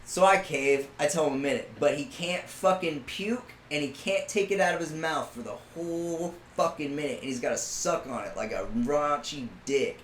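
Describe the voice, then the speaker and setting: A man co-hosting a podcast, telling a story in a loud, profane, animated way and laughing often. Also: fairly high pitch, moderate pace, echoey room. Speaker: podcast co-host. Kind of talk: casual storytelling chat.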